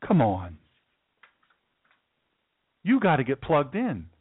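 A male talk show host's slightly high voice swoops wildly in pitch, slow and with a breathy edge, as he delivers an impassioned political monologue from his home studio. He is emphatic and repetitive, often stammering and restarting, and the sound is dry, tinny and phone-like without echo.

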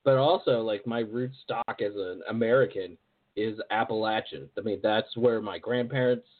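A man hosting a podcast in casual interview chat, relaxed and joking. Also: lowish voice, moderate pace. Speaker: podcast host. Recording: phone-like narrow sound.

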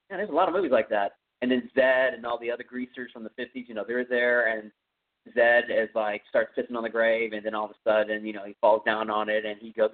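Rambling Texan man on a tinny line. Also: mid-range voice. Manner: rambling, filler-heavy retelling. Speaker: podcast host. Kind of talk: casual movie recap. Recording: tinny phone-like audio.

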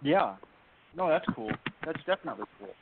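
A man's voice: on the high side, sing-song, a little fast, noisy background. A man as a guest in a casual interview chat, speaking emphatically and pressing pointed questions again and again. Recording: tinny phone-like line.

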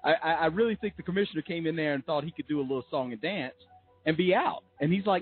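A man co-hosting a talk radio show who retells events in a lively, amused way. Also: high voice, quick pace, narrow, tinny audio, faint music behind. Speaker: radio co-host.

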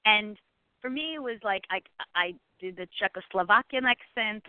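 A woman's voice: mid-range voice, animated, normal speed, clean tone, dry recording. A woman, an actress and guest, chatting in a call-in interview, talking freely with many fillers and restarts. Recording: dry tinny phone line.

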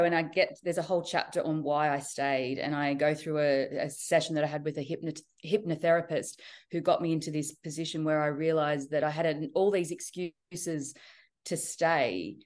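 A middle-aged woman, an author reading from her memoir and answering interview questions in a steady, candid way. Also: deep voice, clear, resonant tone. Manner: steady storytelling, earnest and candid. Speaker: author and guest.

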